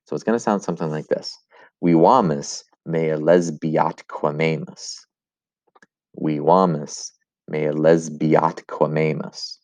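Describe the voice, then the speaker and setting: Very deep male Latin teacher, plain lesson delivery, muffled lo-fi sound. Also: a little mellow, no echo. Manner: explains step by step, with fillers and restarts; chants rhythms as "bum, bum". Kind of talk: recorded video lesson.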